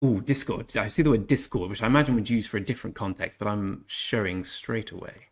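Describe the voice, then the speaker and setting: A man's voice: fairly low pitch, brisk, husky. Chatty jokey man streaming a game. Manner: chatty, jokey, reads out chat messages. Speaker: gaming streamer. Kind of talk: casual live-stream commentary while playing.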